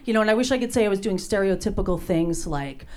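A woman's voice: medium pitch, animated, fast, a little mellow. A middle-aged woman from New Jersey doing a brash, self-deprecating stand-up comedy set on a club stage.

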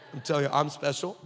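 A man preaching a sermon, telling stories with humorous asides and animated delivery. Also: fairly high pitch, noisy background. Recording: long hall reverb.

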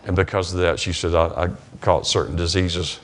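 Deep-voiced and level in tone, a Southern US pastor preaches from a church sanctuary. The story he shares is halting, with many restarts, repeated words, and dialogue retold.

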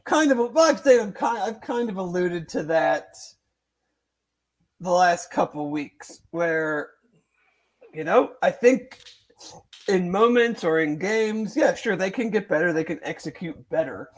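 High-pitched, expressive and unhurried, a man co-hosts a sports podcast in easygoing sports conversation. He hedges constantly, wanders, and keeps restarting his thoughts between fillers.

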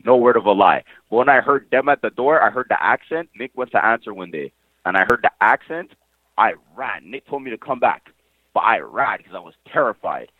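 A young man from Montreal speaks in casual, emphatic slang, repeating phrases for weight and swearing now and then. His voice sits a bit low. It comes through a thin, phone-like line with no room sound. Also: animated, a little fast, dry recording. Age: young adult. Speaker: interviewee, nephew of the deceased. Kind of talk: casual, heartfelt storytelling.

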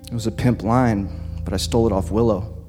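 This is a stage performance of a personal story, told by a man with a lowish, fairly even voice to a live audience. His delivery is slow and deliberate, broken by dramatic pauses, with long hall reverb and gentle guitar underneath.

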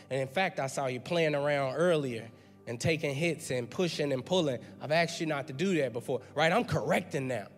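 A man's voice: mid-range voice, brisk, faint music behind. A male pastor preaching an emphatic, conversational sermon in a church, repeating words as he builds his point. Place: church sanctuary. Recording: long hall reverb.

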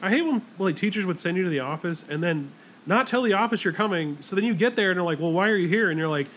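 Young male co-host, high and quick, excitable rant-style delivery, light hiss on the track. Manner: fast, excitable, acts out quotes. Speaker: podcast co-host. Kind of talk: casual chat.

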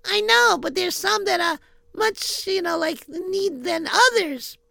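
A man putting on a very high earnest little girl. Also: expressive, slow pace, vocal fry, sharp tone, no echo, exaggerated voice. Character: young girl, earnest and pleading.

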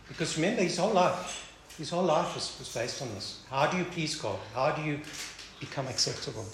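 A preacher teaches a Bible passage in a conversational sermon, thinking aloud and often restarting or repeating words. His voice is on the high side, a bit bright and a little fast, with lively intonation, recorded in an echoey room with faint background noise.

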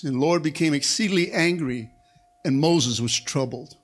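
A pastor with a slightly high voice, speaking at normal speed, delivers a sermon at a church service. He's fervent and stirring, working the congregation with call-and-response, shouted amens, and repeated cries of "come on."

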